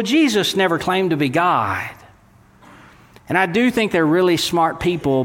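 A male pastor preaching a sermon, animated, dropping low and slow when quoting scripture. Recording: long reverb of a large hall.

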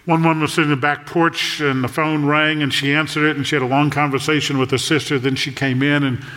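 A man's voice: a little high, level tone, bright, forceful tone. Older male pastor in an echoing hall. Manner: conversational storytelling with jokes and quick asides. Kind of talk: sermon. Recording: long echo of a large hall.

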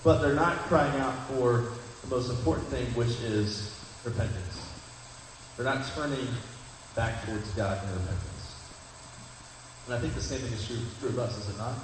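A man's voice: medium pitch, moderate pace. Man, young pastor, sermon, chatty preaching, long hall reverb, faint room noise. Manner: conversational preaching, asks the congregation questions. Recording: echoey hall from far off.

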